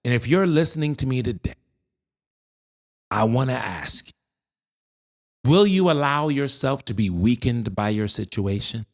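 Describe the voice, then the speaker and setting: A male motivational speaker gives an encouraging, expressive speech, addressing the listener directly with slow, weighty emphasis. He pauses for dramatic effect, and his pitch swings widely up and down.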